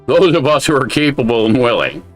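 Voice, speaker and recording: This time the American co-host talks a little fast, his mid-range voice rising and falling sharply over soft background music. His remarks are casual, blunt and heavy on profanity.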